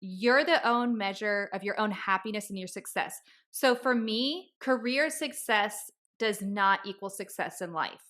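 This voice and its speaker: A woman's voice: medium pitch, measured pace, a bit bright. A woman in her thirties hosting a podcast, telling a story in a casual, chatty way and acting out what people said. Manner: chatty storytelling, acts out quoted dialogue. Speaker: podcast host.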